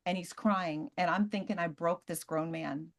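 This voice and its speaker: Animated woman telling stories on a video call. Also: lowish voice. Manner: lively, casual, tells stories in quick bursts. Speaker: presenter.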